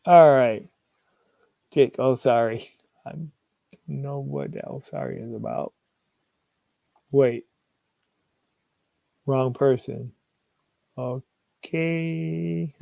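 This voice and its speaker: A man's voice: mid-range voice, extremely slow, creaky, long pauses, warm tone, no echo. A man hosting a casual sports livestream, reading viewer comments aloud, laughing often and restarting his phrases. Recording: dull lo-fi sound.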